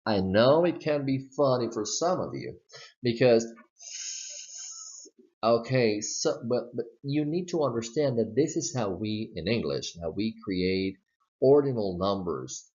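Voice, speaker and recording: Southern guy teaching pronunciation off slides, drawn-out careful words, kinda muffled lo-fi audio. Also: mid-range voice, expressive, a little mellow. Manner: slow, modeling words with exaggerated repetition. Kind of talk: slide-based pronunciation lesson. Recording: dull lo-fi recording.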